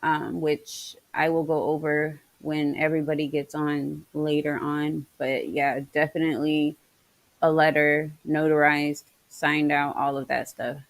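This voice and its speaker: A woman's voice: sits low, flat delivery, a little slow, no room sound, rough recording. A woman hosting a livestream, chatting emphatically about a video she is playing. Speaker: livestream host. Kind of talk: casual live commentary.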